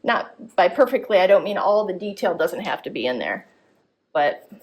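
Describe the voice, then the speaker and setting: A woman's voice: medium pitch, big pitch swings, normal speed, darkish tone. A woman teaching art, giving a live drawing demonstration at a gallery workshop and thinking aloud as she corrects her lines. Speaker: art instructor.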